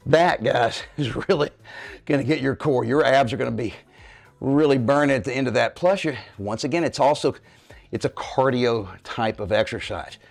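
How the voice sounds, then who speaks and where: A man's voice: medium pitch, normal speed, gravelly, faint music behind. A man in his fifties leading a home workout, getting out of breath while he demonstrates the moves and checks in with his viewers. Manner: coaching, checks in with "okay, guys?". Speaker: fitness coach. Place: home living room.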